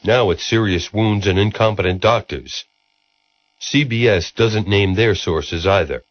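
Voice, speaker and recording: Low male documentary narrator, measured and ironic, dull lo-fi track with faint music.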